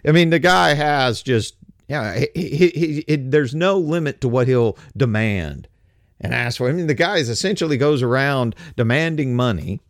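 A man's voice: a little high, dry recording, clean studio sound. An older man hosting a political commentary show, who talks sarcastically, mocks his targets and often repeats words as he goes. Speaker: host.

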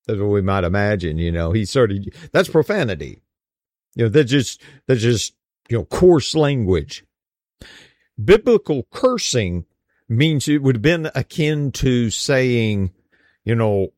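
A man's voice: mid-range voice, sing-song, moderate pace, darkish tone, no room sound, clean studio sound. A man teaching a Bible study in a casual, conversational way, with folksy slang and frequent "you know.".

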